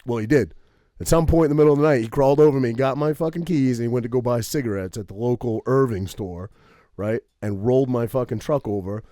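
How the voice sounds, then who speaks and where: A man's voice: mid-range voice, no echo, clean studio sound. A man telling a long story on a podcast in a casual, profane way, tagging his sentences with "right?". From Maine. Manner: profane, animated storytelling with many "right?" tags. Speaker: podcast co-host.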